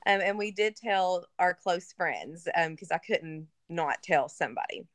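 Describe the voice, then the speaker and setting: A woman's voice: fairly low pitch, lively intonation, a little slow, no echo, studio quality. A woman guest in a conversation, telling an emotional personal story in a casual way with many fillers. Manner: casual, filler-heavy, earnest. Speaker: interview guest. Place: lives in Kentucky.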